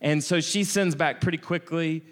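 American male storyteller, lively and self-mocking, somewhat high voice, long reverb. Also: moderate pace. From United States. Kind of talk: comic personal travel anecdote.

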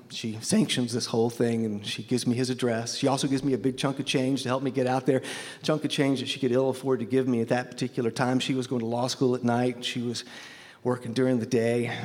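Nervous man telling a story in a hall. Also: mid-range voice. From Memphis, USA. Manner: conversational, wry, self-deprecating. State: nervous, shaking. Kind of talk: personal storytelling on stage. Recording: long hall reverb.

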